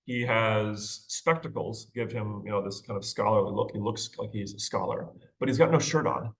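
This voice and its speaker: A man's voice: lowish voice, normal speed, vocal fry. Chatty male literature teacher. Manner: conversational, checks in with "right?" and "okay?"; asks rhetorical questions and laughs lightly. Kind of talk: recorded lecture on a short story.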